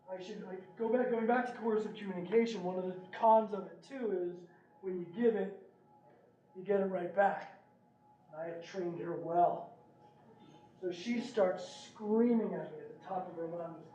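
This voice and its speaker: A man's voice: sits high, moderate pace, a little hiss or hum. A middle-aged man speaking at a parent meeting, telling stories and often asking the audience "right?". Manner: animated, asks the audience "right?". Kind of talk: presentation with storytelling. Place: meeting room. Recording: roomy, distant, dull room recording.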